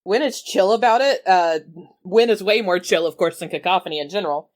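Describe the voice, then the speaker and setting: A woman's voice: fairly low pitch, a little fast. A woman playing a character in a tabletop game, laid-back and dry, with a wry sense of humor. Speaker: player.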